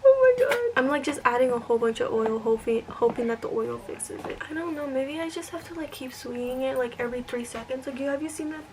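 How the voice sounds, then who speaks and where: A young woman talking casually as she styles her hair in a vlog, chatty and self-doubting, often thinking aloud and sometimes dropping to a soft whisper. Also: high-pitched, fast talker, hardly any pauses. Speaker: vlogger. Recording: distant mic, clear room noise.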